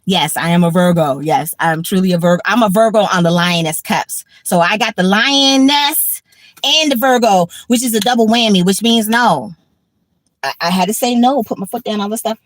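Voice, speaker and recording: A woman's voice: medium pitch, moderate pace, dry recording. Woman, fifties, tired, profane, repetitive, dry sound. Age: 50s. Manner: blunt, profane, repeats herself. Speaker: livestream host. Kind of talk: casual livestream chat.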